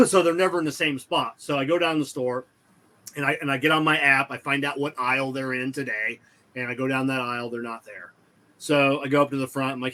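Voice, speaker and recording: Bright-voiced man rambling through an anecdote. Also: mid-range voice, steady tone, brisk. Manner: rambling anecdotes, quotes both sides of a conversation. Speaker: podcast co-host. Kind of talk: casual chat.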